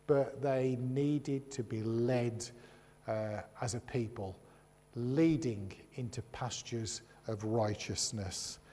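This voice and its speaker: A preacher gives a chatty sermon, sprinkled with humorous asides and rhetorical questions. His voice is medium-pitched and dark in tone, with the long reverb of a large hall.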